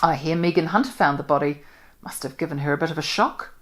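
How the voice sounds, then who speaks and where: A woman reading aloud and voicing a blunt, loud, self-assured middle-aged spinster who gossips briskly. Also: low voice, lightly acted. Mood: blunt, gossipy.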